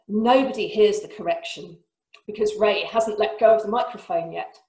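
A woman author reads a passage from her novel over a video call. She lifts her voice high and loud for shouted lines. The sound comes from an echoey room. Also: moderate pace. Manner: lively reading, voicing shouted lines with big pitch jumps. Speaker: author giving a reading. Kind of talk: reading aloud from her novel.

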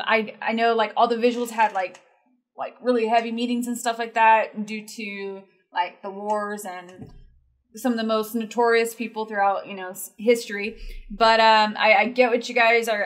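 A woman casually chatting as a metal reaction host, playful and excitable, rambling with lots of fillers. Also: on the high side.

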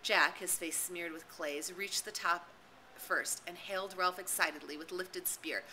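Bright-voiced woman reading a novel aloud. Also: lowish voice, normal speed, slight background noise, low-quality recording. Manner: expressive, dramatic reading. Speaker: reader and tutor. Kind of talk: audiobook narration.

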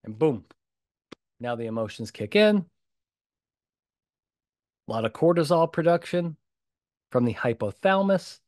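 Speaking at a measured pace with long pauses, a man whose voice is on the high side hosts his own podcast alone, recorded dry at studio quality. He's blunt and emphatic, animated, and repeats things punchily.

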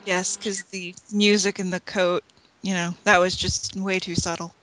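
A woman's voice: on the low side, little pitch movement, a little slow, a bit bright, poor audio. A woman co-hosting a podcast, blunt and sweary in casual chat. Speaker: podcast co-host.

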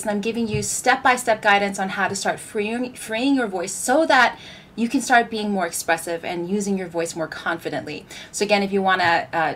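A woman's voice: medium pitch, fairly bright tone, slight background noise. A woman vocal coach hosting a live stream, talking to her viewers in an upbeat, direct way. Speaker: vocal coach and show host. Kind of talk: live-stream host talk.

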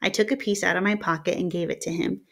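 A woman's voice: on the low side, fast. Woman reading a novel aloud. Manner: steady, storytelling. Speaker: reader. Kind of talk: audiobook narration.

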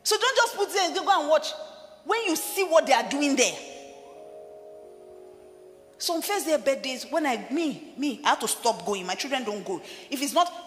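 Woman pastor, high voice, emphatic sermon, booming church hall reverb, soft music behind. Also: expressive, moderate pace, pauses often. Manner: emphatic, rising to shouts and dropping low for quoted voices.

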